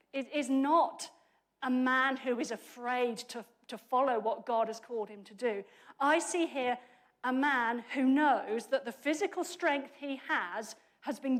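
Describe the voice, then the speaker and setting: A woman preacher giving a chatty, humorous sermon, often correcting herself mid-sentence as she goes. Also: high-pitched. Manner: lively, chatty and humorous, with quick self-corrections.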